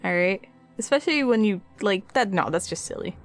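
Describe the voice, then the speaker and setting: A woman's voice: mid-range voice, lively intonation, brisk, faint music behind. A woman streaming her art, chatting casually and a bit sassily with her viewers while she paints. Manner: chatty, sassy, talks to chat.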